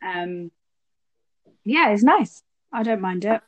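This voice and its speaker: A woman's voice: mid-range voice, expressive, slow pace, fairly bright tone, no room sound, muffled recording. A woman in her twenties co-hosting a casual podcast, chatty and giggly, talking while she snacks. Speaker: podcast co-host. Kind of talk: casual chat. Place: home, lives in South London.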